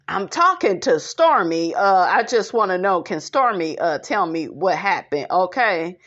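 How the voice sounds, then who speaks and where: A woman's voice: fairly low pitch, a little slow, few pauses, highs cut off. Sassy woman recapping reality TV gossip. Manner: sassy, calls listeners honey, lively asides. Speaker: reality show recap host.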